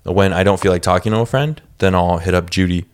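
Laid-back deep-voiced young man. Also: steady tone, fast talker, clear, resonant tone. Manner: laid-back, swears casually, laughs often. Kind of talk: casual podcast chat.

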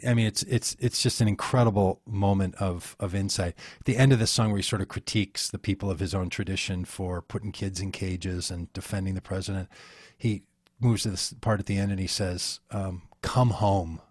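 A man's voice: sits low, steady tone, a little fast, no echo, clean studio sound. A man talking earnestly in an interview, rambling and telling stories with many restarts. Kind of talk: conversational interview.

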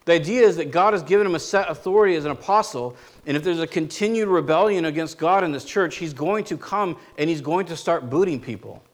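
Male pastor, high speaking voice, casual sermon delivery full of rhetorical questions. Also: fast talker, few pauses. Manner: conversational preaching with rhetorical questions.

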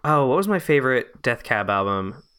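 A man's voice: mid-range voice, very animated, moderate pace, a bit bright, clear, resonant tone. Rambling Canadian man chatting. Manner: rambling, many fillers and restarts, easily amused. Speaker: podcast co-host. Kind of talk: casual podcast chat.

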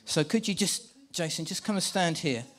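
Animated preacher, slightly high-voiced man. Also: normal speed. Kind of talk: sermon with live volunteer re-enactment. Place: church with a live congregation.

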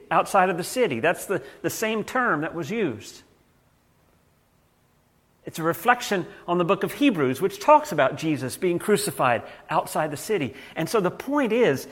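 A man's voice: sits high, a bit bright. Conversational male pastor preaching a sermon. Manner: conversational preaching with frequent repeated words and restarts.

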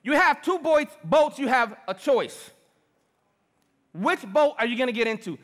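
A middle-aged man preaching a sermon as pastor, lively and personal, calling on the congregation. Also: very high-pitched, unhurried. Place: large church hall. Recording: long reverb of a big hall.

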